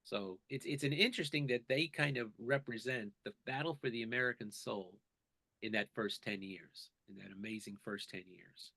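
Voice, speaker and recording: A man's voice: mid-range voice, moderate pace, creaky, pushed and bright, no room sound. A man, an author being interviewed, talking emphatically and often restarting with repeated words. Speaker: author and guest. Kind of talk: interview talk.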